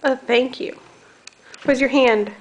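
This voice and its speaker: A woman using slow, sing-song baby talk as she coaxes a toddler at home, recorded on a home video camera. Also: high voice, steady tone, lo-fi sound, background noise. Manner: sing-song, coaxing, playful. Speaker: caregiver playing with a toddler.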